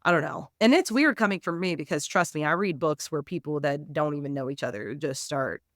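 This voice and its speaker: A young woman with a fairly low voice co-hosts a casual podcast chat. She talks animatedly and slips into mocking voices to act out scenes. The sound is dry and close to the mic. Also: a little fast, no room sound. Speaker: podcast co-host. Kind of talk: casual book review chat.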